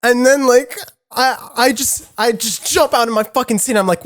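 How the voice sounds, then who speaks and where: Halting swearing podcast storyteller, dry sound. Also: male voice, extremely high pitch, a bit bright, no room sound. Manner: halting, with many restarts and heavy swearing. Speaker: podcast co-host. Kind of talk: casual storytelling.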